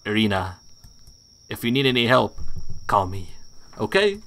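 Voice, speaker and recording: A man's voice: fairly low pitch, very animated, a little slow, bright, forceful tone, heavily acted. A man reading the reassuring lines of a caring friend in his own plain voice.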